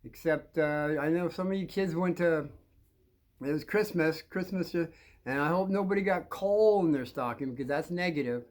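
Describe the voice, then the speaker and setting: A man's voice: on the high side, normal speed, a little mellow. An older man from New Jersey, telling kids a rambling personal story with folksy, chuckling asides.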